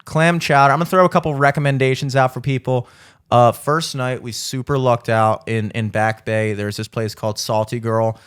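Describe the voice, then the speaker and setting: A young adult man co-hosting a podcast in casual chat, with a medium-pitched, everyday voice. He tells a rambling story, swears freely, and breaks into frequent laughter. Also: fairly even intonation, moderate pace, clean tone. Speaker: podcast co-host.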